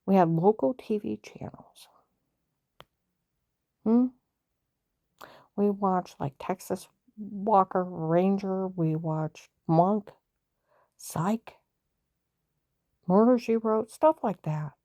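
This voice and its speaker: A woman's voice: medium pitch, extremely slow, long pauses, dark tone, dry recording, dull audio. A woman on a personal vlog, ranting in an agitated, emphatic way, repeating herself and rambling from point to point. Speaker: vlogger.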